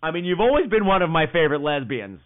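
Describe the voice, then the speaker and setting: A man hosting a podcast, telling stories in a profane, animated way. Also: fairly high pitch, quick pace. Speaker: podcast host. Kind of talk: casual comedic monologue. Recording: tinny phone-like sound.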